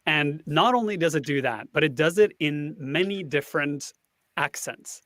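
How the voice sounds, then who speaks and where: A man's voice: on the high side, lively intonation, moderate pace, fairly bright tone, no room sound. A man, a guest on a casual panel chat, explaining a tool at length and thinking aloud as he goes.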